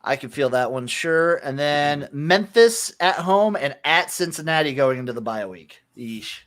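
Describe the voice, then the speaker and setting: A man's voice: fairly high pitch, expressive, normal speed, a bit bright. A man co-hosting a casual sports podcast, laid-back and opinionated as he talks through college football picks. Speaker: podcast co-host. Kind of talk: casual sports betting chat.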